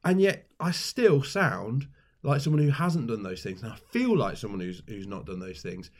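A man, croaky from a cough, chatting on a podcast in a jokey, rambling way. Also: medium pitch, moderate pace, crowd noise. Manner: animated, jokey, rambling with restarts. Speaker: podcast co-host. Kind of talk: casual chat.

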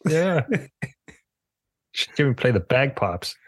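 A man's voice: mid-range voice, big pitch swings, takes it slowly, a bit bright, no room sound. Dry-sounding man chatting. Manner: hesitant, many fillers, laughs often. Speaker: podcast co-host. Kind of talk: casual chat.

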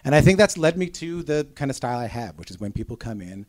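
A man's voice: mid-range voice, fast talker, no echo. Man, podcast guest, casual storytelling, cursing, laughing, dry close sound. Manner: swears freely, laughs a lot, animated storytelling. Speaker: podcast guest, radio interviewer. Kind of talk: casual chat.

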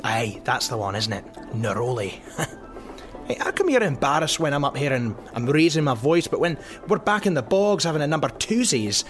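A man's voice: on the high side, normal speed, faint music behind. A man playing a brash, sweary Scottish football boss. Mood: mocking. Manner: loud, excitable, sweary and blunt. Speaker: sporting director. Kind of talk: comedy audio drama.

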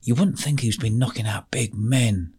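A man's voice: mid-range voice, moderate pace, darkish tone, husky. A man hosting a podcast, laid-back, mostly giving short agreeing replies and asking the guest questions. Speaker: podcast host. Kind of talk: casual chat.

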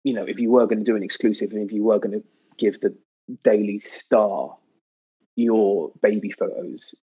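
A British man chatting as a podcast guest, telling stories in a lively way and acting out quotes with sudden pitch jumps. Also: moderate pace, breathy edge, dull audio. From Britain. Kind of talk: casual anecdotal chat.

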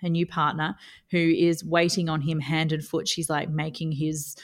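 A woman's voice: deep voice, completely flat delivery, normal speed. A woman co-hosting a podcast, talking frankly with lots of fillers and laughing often. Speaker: podcast co-host. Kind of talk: casual review chat.

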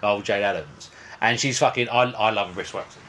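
A man in his thirties co-hosting a podcast, chatting casually, sweary and excitable, quick to laugh. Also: lowish voice, a little hiss or hum. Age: 30s. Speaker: podcast co-host. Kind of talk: casual banter.

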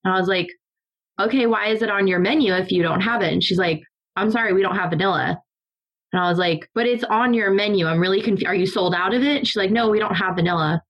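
A woman's voice: mid-range voice, quick pace, muffled recording. Podcast co-host, young woman, chatty storyteller who mimics people, laughs a lot. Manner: animated storyteller, laughs often, acts out quotes. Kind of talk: casual chat.

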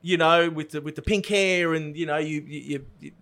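A comedian chatting as a guest, excitable and rambling, restarting his sentences. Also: a little high, moderate pace. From Australia. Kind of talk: casual chat.

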